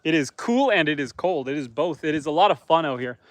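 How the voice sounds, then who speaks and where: A man's voice: fairly high pitch, animated, a little fast, no echo. A man from Canada, a homesteader, chatting casually on a livestream outdoors by a campfire, reading viewer comments aloud and answering them.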